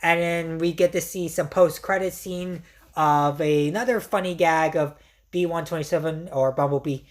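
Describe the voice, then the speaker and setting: Female reviewer with a deep voice; chatty, eager, repetitive delivery. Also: moderate pace. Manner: enthusiastic, repetitive, frequent fillers. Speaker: movie reviewer. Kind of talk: casual spoken movie review.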